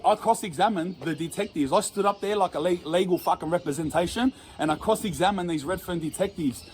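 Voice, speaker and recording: Australian man, high-pitched, rambling profane storyteller full of slang, laughs at himself. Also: darkish tone, a little hiss or hum. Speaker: storyteller in an interview clip.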